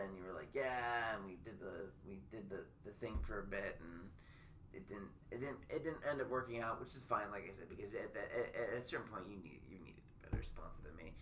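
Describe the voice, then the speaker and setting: A man hosting a podcast in casual chat, rambling and stammering, quick to poke fun at himself. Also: mid-range voice, bright, forceful tone, slight background noise. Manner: rambling, stammering, self-deprecating. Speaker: podcast host.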